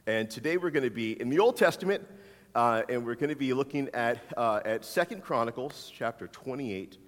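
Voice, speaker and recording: Pastor preaching in an echoing hall. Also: male voice, medium pitch, expressive, normal speed. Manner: conversational, repeats questions. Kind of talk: sermon. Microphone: handheld mic, swapped mid-sermon. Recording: long hall reverb.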